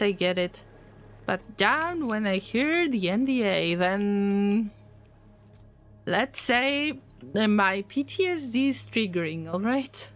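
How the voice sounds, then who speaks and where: Playful, lively woman streamer chatting. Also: on the high side. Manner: playful, teasing, answers chat messages with jokes. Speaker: gaming streamer. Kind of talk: casual live-stream chat while playing.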